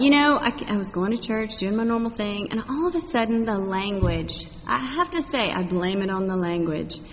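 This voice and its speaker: In a muffled, echoey hall recording with a little hiss or hum, a middle-aged Texan woman from the congregation gives her personal testimony. Her mid-range voice is fairly bright, and she wanders through the story with lots of fillers and side comments.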